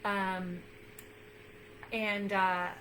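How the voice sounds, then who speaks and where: A woman's voice: mid-range voice, level tone, very slow, a bit bright, slight background noise, poor audio. A woman nutrition coach talking casually to her viewers in an earnest, encouraging way, repeating phrases for emphasis and using plenty of fillers. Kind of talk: casual talk to camera.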